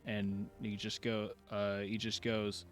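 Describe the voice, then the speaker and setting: Male game master, mid pitch, halting narration, faint music behind. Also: completely flat delivery, fairly bright tone. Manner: hesitant narration with frequent "uh"s.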